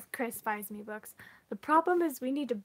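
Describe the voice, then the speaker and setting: A woman book vlogger chatting casually with her viewers, full of "like" fillers and quick laughs. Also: high voice, expressive. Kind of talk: casual live chat with viewers.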